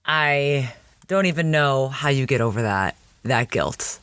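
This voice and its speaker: A man's voice: medium pitch, animated, a little slow, fairly bright tone, smooth, no room sound, studio quality. Wry man recapping a TV episode. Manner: chatty and wry. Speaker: podcast host.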